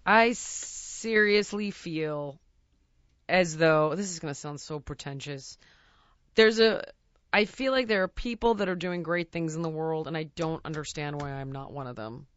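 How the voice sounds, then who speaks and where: A woman's voice: deep voice, measured pace, clear, resonant tone, no room sound. Casting: a woman who thinks aloud, earnest and searching and full of restarts, in a dry, slightly dull recording. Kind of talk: candid casual chat.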